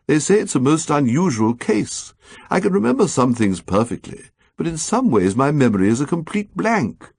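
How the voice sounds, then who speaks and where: A man's voice: fairly high pitch, sing-song, moderate pace, creaky, a little mellow, slightly rough, no echo, studio quality, exaggerated voice. A man voicing a prim young man who speaks in a stiff, oddly precise and formal way. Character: Teddy Weeks, a prim young man with odd precise speech.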